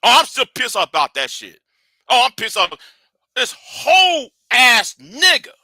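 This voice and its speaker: A man hosting a livestream, scolding and animated in a profane rant that swings from shouting to hushed. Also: extremely high pitch, a little slow, no echo. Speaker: livestream host.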